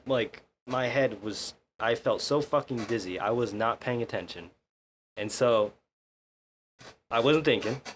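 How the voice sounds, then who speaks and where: A man's voice: mid-range voice, a bit bright, slight background noise. Young man telling a sweary story. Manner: swears a lot, rambling with restarts. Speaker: podcast guest. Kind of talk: casual storytelling.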